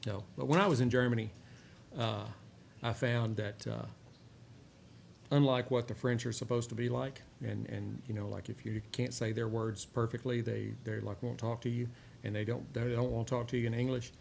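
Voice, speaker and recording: Man, gravelly, mid pitch, rambling casual talk, faint background noise. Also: moderate pace. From Texas. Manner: rambling, relaxed, many "uh" fillers. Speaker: host of a cigar and whiskey review show. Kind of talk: casual chat while smoking a cigar.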